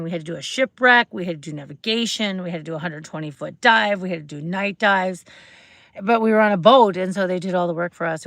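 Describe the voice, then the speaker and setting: In a dry recording, a woman with a fairly low-pitched voice hosts a casual livestream. Chatty and bubbly, she greets viewers and asks them questions, rambling along with many fillers and restarts.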